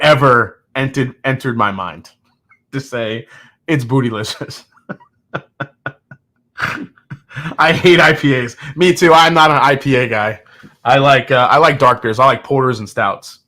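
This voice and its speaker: Answering viewer comments on his live whiskey-tasting stream, a man chats and jokes candidly, with frequent restarts and laughs. His medium-pitched voice is pushed and bright, unhurried, with many pauses.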